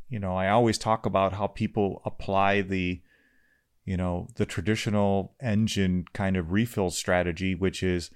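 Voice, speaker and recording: A man co-hosting a casual podcast with his wife, talking in an easygoing, rambling way with lots of fillers. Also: lowish voice. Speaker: podcast co-host. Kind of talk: casual chat.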